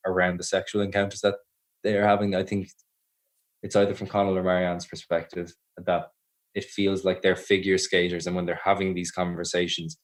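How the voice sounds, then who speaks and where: An Irish actor in his twenties, appearing as a guest, answers interview questions about his acting work in a low, flat voice at a fairly quick pace. He responds thoughtfully but often restarts his sentences.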